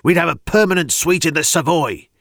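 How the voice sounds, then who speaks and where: A man's voice: on the low side, big pitch swings, measured pace, a bit bright, slightly rough, no room sound, clean studio sound, heavily acted. A man reading a story aloud, voicing a pompous, irritable Victorian private investigator who bellows and sulks. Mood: blustering. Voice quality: bellowing, peevish.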